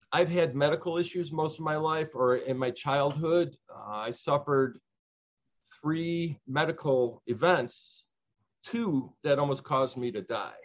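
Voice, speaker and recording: An older man from Chicago tells his life story in an interview, earnest and reflective. He pauses and restarts often as he remembers. The recording sounds a little dull and lo-fi. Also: mid-range voice.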